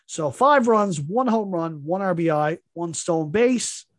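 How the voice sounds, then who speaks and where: A man's voice: high voice, animated, a little slow, no room sound, clean studio sound. A man co-hosting a casual podcast, trading profane, mock-insulting trash talk with his partner. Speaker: podcast co-host. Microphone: podcast microphone.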